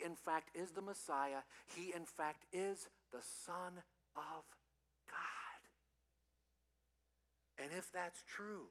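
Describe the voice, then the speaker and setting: A male pastor giving an animated, playful sermon to children and youth, quizzing the audience as he goes. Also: on the high side, long reverb tail. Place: church.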